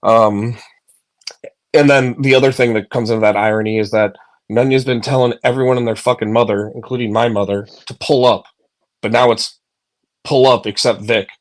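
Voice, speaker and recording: A man's voice: medium pitch, fairly even intonation, moderate pace. A man chatting casually on a phone from bed, rambling with lots of fillers, swearing and laughing. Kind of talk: casual online chat.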